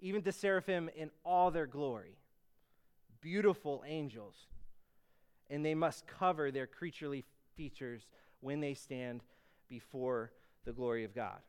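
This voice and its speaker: A man delivering a sermon in a smooth, resonant voice pitched a little high. He teaches earnestly and conversationally, with fillers and restarts, then lifts into emphatic bursts on key words. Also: measured pace, a little mellow. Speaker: preacher.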